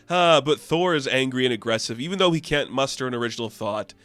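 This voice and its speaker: A man recapping a comic book issue in a chatty, loose, excitable way. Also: mid-range voice, fast talker, dry recording, soft background music. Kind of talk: casual review recap.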